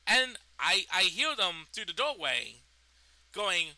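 A man's voice: high-pitched, very animated, slow pace, pushed and bright, no room sound, rough recording. A young man in a vlog, indignantly retelling a personal story and swearing freely. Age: young adult. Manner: indignant, profane retelling of events. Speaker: vlogger.

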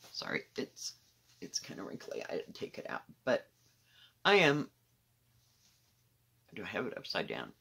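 A woman with a bright, forward voice talks through her cross-stitch projects in a loose, candid ramble, sometimes dropping to a soft mutter. She is recorded at home, with a faint hiss underneath. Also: very deep voice. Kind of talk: casual show-and-tell chat.

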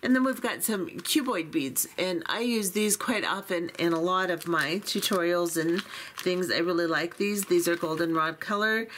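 A woman's voice: on the low side, moderate pace, a bit bright, a little hiss or hum. A woman hosting a beading channel, chatting casually through an unboxing in a chatty, self-deprecating way with many fillers. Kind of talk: unboxing walkthrough, casual chat.

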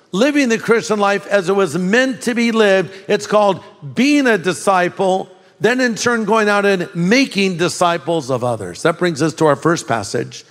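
An older man preaches with folksy warmth and firm, repeated emphasis. His voice sits fairly high for a man, and it rings with a long hall reverb. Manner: folksy storytelling with laughs and emphatic repetition. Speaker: pastor. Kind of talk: sermon.

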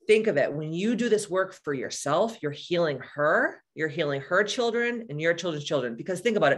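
A woman in her forties, a spiritual coach, talking casually to live-stream viewers in a blunt, profane and candid way. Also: on the low side. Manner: animated, answers viewers by name.

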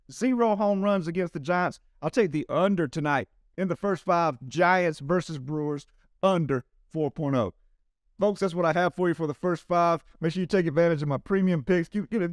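A sports betting handicapper with a Southern accent delivers baseball picks in a casual way, speaking emphatically and directly to his viewers. His voice is high-pitched and clean, recorded at studio quality with no room sound.

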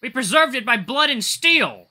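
A man voicing a proud, fierce old female wolf elder, indignant and loud, in a visual novel reading. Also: high-pitched, big pitch swings, moderate pace, pitched above the performer's own voice, heavily acted. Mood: shouting. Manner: shouting, indignant.

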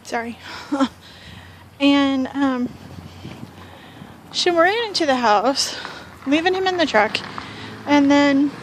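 A woman's voice: high-pitched, animated, slow pace, long pauses, a little hiss or hum. A woman vlogging on her porch, telling a story in a chatty, rambling way with fillers and sighs. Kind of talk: casual storytelling vlog. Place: home porch, outdoors.

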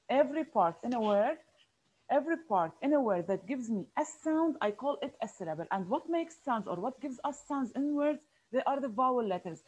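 A woman's voice: fairly high pitch, a little mellow, rough recording. A woman teaching an online phonics lesson, patiently repeating key words with frequent fillers.

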